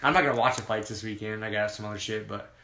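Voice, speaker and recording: A man chatting on a podcast in a casual, profane, excited ramble. His voice is bright and forceful, and the room has a noticeable echo. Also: on the low side, fast. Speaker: podcast co-host. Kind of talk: casual chat.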